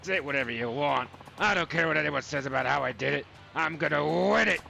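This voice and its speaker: This is a boastful, ruthless billionaire gambling boss from a video game, read aloud by a man. He talks in a raised, brighter voice and taunts with cocky swagger. Game music plays behind him. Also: fairly high pitch, a little fast, vocal fry, voice pushed up, full character voice. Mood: taunting.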